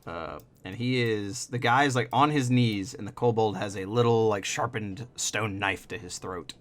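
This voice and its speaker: A man's voice: on the low side, moderate pace, a bit bright. A man narrating a tabletop game as game master, in a casual manner with fillers. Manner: casual, describes scenes with fillers.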